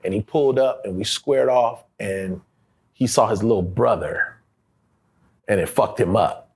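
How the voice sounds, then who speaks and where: A middle-aged male actor telling stories in a casual interview, animated and profane, acting out the voices of people he quotes and laughing often. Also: lowish voice, measured pace, slightly rough.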